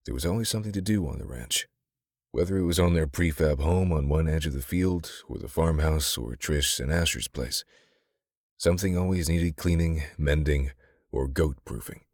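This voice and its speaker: Very deep, husky male audiobook narrator. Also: normal speed, dry recording, clean studio sound. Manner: steady, intimate storytelling. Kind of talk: scripted narration.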